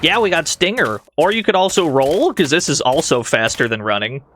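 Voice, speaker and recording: A man's voice: a little high, lively intonation, normal speed. Playful man streaming a game. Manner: playful, laughs often, mock-dramatic. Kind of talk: casual gameplay commentary. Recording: game music under the voice.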